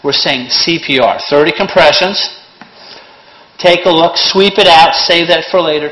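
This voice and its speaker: A man's voice: on the high side, a little slow. Sarcastic, blunt man teaching a CPR class. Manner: sarcastic, blunt, joking, lively. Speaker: CPR instructor. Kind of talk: classroom lesson with joking asides. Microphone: handheld or worn microphone. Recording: echoey room, faint noise.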